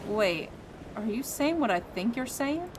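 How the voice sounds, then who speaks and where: A woman's voice: on the high side, very animated, a little slow, background noise. A woman reading a caring young female friend.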